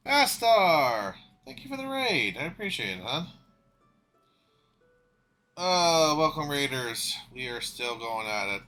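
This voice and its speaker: A man's voice: fairly high pitch, sing-song, takes it slowly, long pauses, pushed and bright, soft background music. A man streaming a game, chatting casually to viewers, flustered and swearing freely as he talks to himself. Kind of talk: casual gaming livestream chat.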